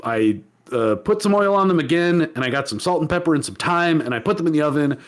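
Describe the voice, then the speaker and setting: A man's voice: on the high side, animated, fast talker. A man co-hosting a podcast in casual chat, rambling with restarts and laughing often. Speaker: podcast co-host.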